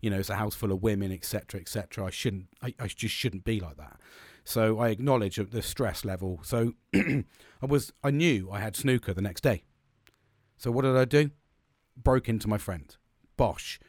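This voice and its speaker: A man's voice: on the low side, normal speed, no echo, studio quality. A man in his forties telling a candid personal story, blunt and sweary, rambling with restarts.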